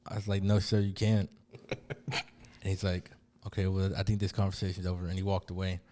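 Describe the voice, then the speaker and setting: A man's voice: low-pitched, little pitch movement, brisk, warm tone. Young man telling a cop story, swearing. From LaPorte area, US. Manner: swears freely, acts out both sides of a police encounter. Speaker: podcast host. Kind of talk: casual storytelling.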